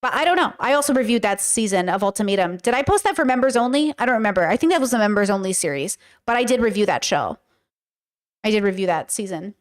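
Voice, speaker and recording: A woman with a smooth, clear voice riffs casually through a reaction show. She talks straight to her chat and keeps a loose, scattered flow as she pulls up clips. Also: medium pitch, animated, fast talker. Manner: chatty, scattered, talks to viewers while clicking around. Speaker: reaction podcast host.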